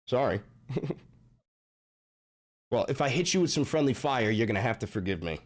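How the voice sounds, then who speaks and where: A man hosting a political livestream, ranting loudly in a profane, mocking and combative way. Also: lowish voice, animated, brisk, long pauses. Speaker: livestream host.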